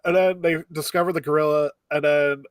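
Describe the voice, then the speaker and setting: Male podcast co-host, slightly high voice, dry close sound, chatty recap, laughs a lot. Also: steady tone, fairly quick, no echo. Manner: laughs often while recapping. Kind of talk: casual anime recap chat.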